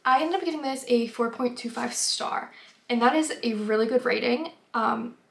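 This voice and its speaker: Chatty young woman, gravelly edge. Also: on the high side, normal speed, slight background noise. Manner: chatty, filler-heavy, drops to whispers at times. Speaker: book vlogger. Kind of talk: casual reading vlog.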